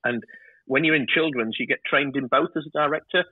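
A man talks quickly and eagerly as an interview guest, tripping over and repeating words as he tells his stories. His voice is a bit husky. He comes through a dry, tinny, phone-like line. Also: medium pitch, dry recording. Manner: chatty, stumbles and repeats words. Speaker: TV director, podcast guest. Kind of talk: casual interview storytelling.

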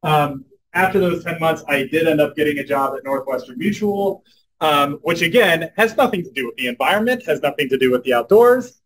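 A young man giving a storytelling talk, animated and filling his speech with "like" and "um". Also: fairly high pitch, brisk, low-quality recording. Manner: animated, says "like" and "um" a lot. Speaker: guest speaker at a club meeting.

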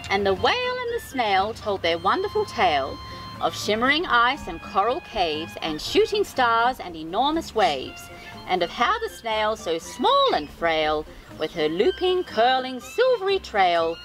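A woman reading a children's storybook aloud as host, expressive and sing-song, with chatty asides of sympathy. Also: on the high side, a little slow, rough recording. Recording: reading over background music. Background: music.

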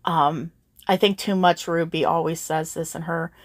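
A young adult woman hosts her channel in a low-sitting voice with fairly even intonation and a normal speed, speaking to her viewers heartfeltly and earnestly while holding back tears. The sound is dry and clean, studio-quality.

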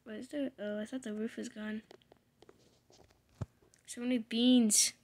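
A young woman giving casual, rambling commentary while playing a video game, playful with loud excited outbursts. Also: fairly high pitch, measured pace. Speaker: gamer. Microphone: desk microphone.

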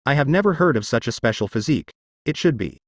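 A man voicing a stern, secretive middle-aged father, the head of a clan, with an even, unacted delivery. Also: medium pitch, fast talker, no echo, studio quality, close to an everyday voice. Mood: curt.

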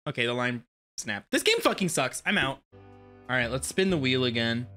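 Over music, a game streamer with a medium-pitched voice gives casual let's-play commentary. He is excitable, swears a lot, and yelps at jump scares.

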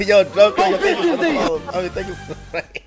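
A man with a slightly high voice talks casually as he streams, laughing often and shouting out viewers. Loud game music runs behind him. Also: huge pitch swings, a little fast.

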